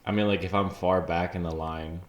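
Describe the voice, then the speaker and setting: A young man co-hosting a podcast in casual chat, teasing his co-host in a deadpan way and telling his own stories. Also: low-pitched, fairly quick. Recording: roomy echo.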